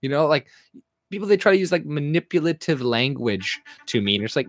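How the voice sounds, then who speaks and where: A man's voice: fairly high pitch, big pitch swings, fairly quick, no room sound, clean studio sound. A young man from Canada hosting a casual livestream, talking bluntly with a lot of swearing, rambling, and reading the chat aloud as he answers it. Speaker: livestream host.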